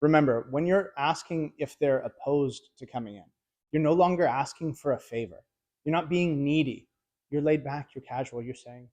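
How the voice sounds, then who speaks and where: A man's voice: a little high, normal speed, a little mellow. A man in his thirties, a car sales trainer giving a casual, direct instructional talk to camera. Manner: casual, laid-back and direct.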